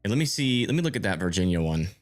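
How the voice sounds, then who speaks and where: A man's voice: lowish voice, very animated, rapid-fire, soft background music. A man giving live storm-tracking commentary on a stream, thinking aloud and answering viewer chat as he checks radar. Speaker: livestream weather tracker.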